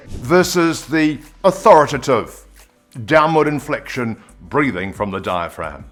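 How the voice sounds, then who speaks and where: A man giving an on-camera presenting lesson, expressive and demonstrating pitch and pace as he explains. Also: a little slow, soft background music. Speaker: presenter coach.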